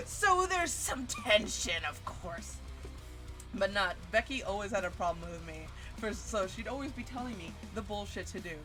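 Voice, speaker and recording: A young woman tells a story on her live stream, and her delivery is animated, exasperated and full of swearing. Her pitch sits in a middle range for a woman. Music plays clearly underneath her voice. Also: normal speed. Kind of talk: casual storytelling rant. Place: home streaming setup. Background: background music.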